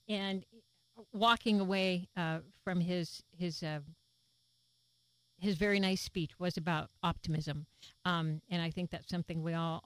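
A woman's voice: fairly low pitch, dry recording, low-quality recording. A woman hosting a music radio show, chatting casually with many fillers, slightly out of breath. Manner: relaxed, rambling, with many fillers. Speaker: radio host.

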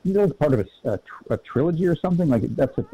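A man's voice: fairly high pitch, expressive, quick pace, dark tone, breathy edge, dry recording, low-quality recording. A man in casual conversation, blunt and opinionated. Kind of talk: casual chat.

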